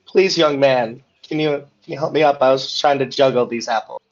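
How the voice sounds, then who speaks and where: A man's voice: medium pitch, a little fast, dull audio, lightly acted. A man voicing a hurt, apologetic old grandfather who begs for help getting up. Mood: pleading. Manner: pleading, flustered.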